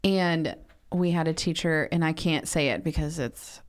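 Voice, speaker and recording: A woman hosting a podcast, telling animated, chatty anecdotes in casual conversation. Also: low-pitched, moderate pace. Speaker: podcast host. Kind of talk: casual chat.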